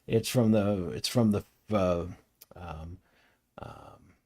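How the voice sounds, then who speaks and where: A man's voice: low-pitched, slow. A middle-aged man talking casually about tarot cards, rambling from one anecdote to the next. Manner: rambling, anecdotal, animated when telling stories. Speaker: tarot reader and teacher.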